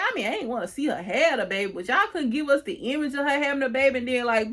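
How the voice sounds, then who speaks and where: A woman's voice: high-pitched, very animated, fast talker, hardly any pauses, bright, forceful tone. A woman casually recapping and reviewing a TV episode, retelling the scenes by quoting the characters, with chatty fillers and restarts.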